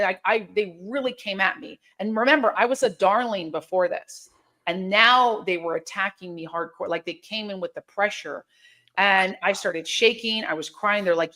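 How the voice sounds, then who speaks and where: A woman speaks as an interview guest, with a voice of middling pitch. She tells her story candidly and emphatically. She stumbles into restarts and acts out what others said. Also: normal speed. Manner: animated, emphatic, frequent restarts and quoted dialogue.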